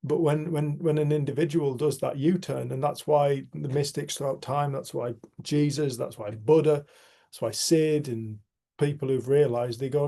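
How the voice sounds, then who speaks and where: Man, gravelly, dark tone, emphatic casual talk. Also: mid-range voice, fairly even intonation, normal speed. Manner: earnest, emphatic, swears mildly. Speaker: community group facilitator. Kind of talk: casual group discussion.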